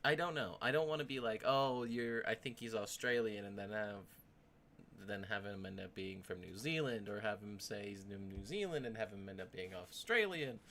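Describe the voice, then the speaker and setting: A man's voice: fairly low pitch, moderate pace, a bit bright, slight background noise. A man from the United States giving casual reaction commentary, rambling and teasing and laughing often. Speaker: streamer reacting to a video.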